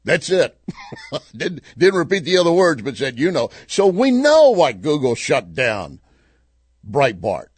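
A man's voice: fairly high pitch, unhurried, slightly rough, no room sound. A middle-aged man hosting a talk radio show, commenting on news and telling a joke with chuckling asides. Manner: animated storyteller, chuckling asides.

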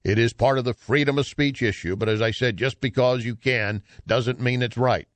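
A man's voice: medium pitch, steady tone, normal speed, no echo. A man hosting an opinion commentary show, speaking emphatically and reading passages from an article aloud. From United States.

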